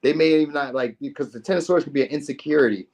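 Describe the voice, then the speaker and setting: A tarot reader gives a casual reading to camera in a slightly high, creaky, darkish voice, talking rapid-fire. He's loose, chatty, and slangy, swearing freely and acting out lines people might say.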